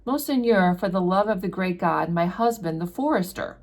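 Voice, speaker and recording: A woman's voice: fairly low pitch, expressive, moderate pace, darkish tone. A woman voicing a grieving poor peasant widow who begs earnestly for help, read aloud from a classic novel. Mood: pleading. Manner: earnest, pleading.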